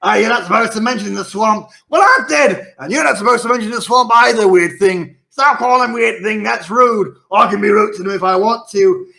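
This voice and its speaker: A man voicing a pack of shrill, squabbling little male imps who shriek greedily and bicker with each other. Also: normal speed, gravelly, few pauses, bright, forceful tone, full character voice.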